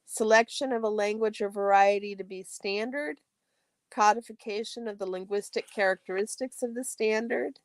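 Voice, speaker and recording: Woman, mid-pitched, steady textbook read-aloud for a study stream, careful with occasional self-corrections, dry close sound. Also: moderate pace, no echo.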